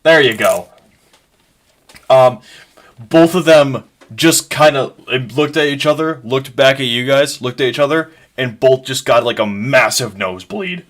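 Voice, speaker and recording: A man acting as game master, narrating and calling rolls in a quick, chatty way. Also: medium pitch, fairly bright tone.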